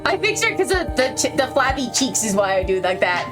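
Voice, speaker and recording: A woman's voice: fairly high pitch, very animated, fast talker, music in the background. A young woman hosting a game playthrough, reading the story aloud and chatting playfully with giggles. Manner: playful, giggly, switches between narrating and chatter. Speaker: let's-play host.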